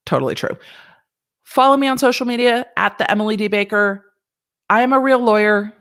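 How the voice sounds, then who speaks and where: A woman's voice: medium pitch, a bit bright. A woman lawyer hosting a casual livestream and chatting with viewers in a rambling, playful way.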